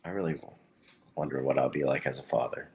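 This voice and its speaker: A young man, a Marine, chatting casually over a voice call with his partner, easygoing and halting, laughing often. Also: a bass voice, vocal fry, darkish tone, breathy edge.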